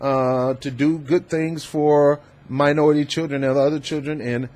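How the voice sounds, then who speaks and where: A man hosts his own political commentary vlog. His voice sits a little high, and he talks in an emphatic, animated, preachy manner, as if lecturing his listeners. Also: moderate pace. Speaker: host.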